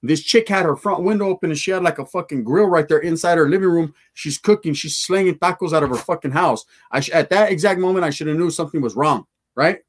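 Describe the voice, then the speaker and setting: A man's voice: on the high side, quick pace, few pauses. A man telling a profane, slangy street story to his live chat.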